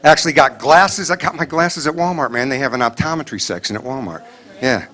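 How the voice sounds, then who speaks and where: A middle-aged male comedian doing a stand-up set on stage, animated, acting out scolding parents in quick quoted voices. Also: mid-range voice. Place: stage before a live audience.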